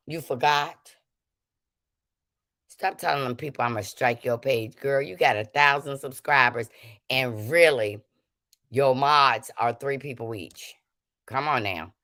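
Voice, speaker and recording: A woman's voice: rumbling low, unhurried, long pauses, a bit bright, no echo, clean studio sound. Confrontational woman ranting on a livestream. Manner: confrontational, calling people out; preachy, invoking prayer and forgiveness. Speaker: livestream host. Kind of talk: ranting livestream talk to chat.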